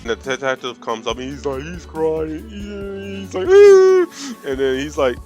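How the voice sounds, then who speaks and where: A man recapping a film for laughs in a profane, slangy way, jumping into quick voices for the characters. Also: mid-range voice, animated, muffled recording, soft background music. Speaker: movie recapper. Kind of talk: comedic movie recap.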